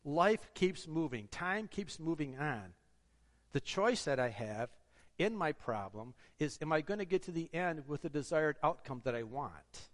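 Man, sermon, earnest exhortation, slightly high voice, long hall echo. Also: expressive, measured pace. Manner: earnest, exhorting, with rhetorical questions. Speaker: preacher.

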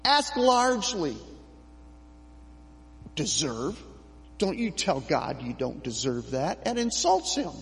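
Middle-aged pastor preaching slow, kinda high voice for a guy, long church echo. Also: sing-song, vocal fry. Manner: slow, emphatic preaching with dramatic pauses. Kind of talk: sermon.

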